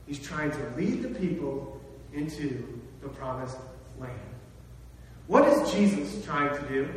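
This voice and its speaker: A man's voice: medium pitch, a little hiss or hum. A man preaching a sermon in a conversational way, asking his listeners questions and rising in force on key phrases. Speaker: pastor. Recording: distant mic in a very echoey hall.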